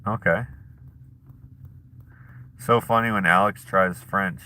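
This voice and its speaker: A man's voice: fairly low pitch, lively intonation, a little slow, pauses often, pushed and bright. A man hosting a casual live chat who reads viewer comments aloud and jokes and laughs at himself in a laid-back way. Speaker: streamer host.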